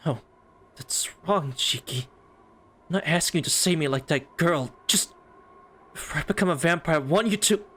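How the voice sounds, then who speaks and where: A man streamer reading aloud as a proud young female vampire alchemist, with stiff, formal, measured phrasing. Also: on the high side, lively intonation, sharp tone, husky, full character voice. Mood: pleading. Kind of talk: reading a game's story mode aloud.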